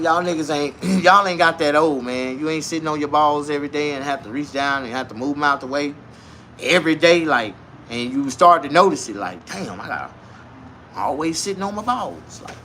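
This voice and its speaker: Loud crude man ranting to camera. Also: fairly high pitch, a little fast, slight background noise. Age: 40s. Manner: loud, crude, animated street slang. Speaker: vlogger. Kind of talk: casual comedic rant to camera.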